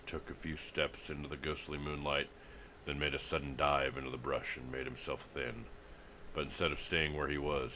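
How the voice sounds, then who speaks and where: A man narrating a pulp western story in a steady, dramatic reading. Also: a bass voice, a little hiss or hum.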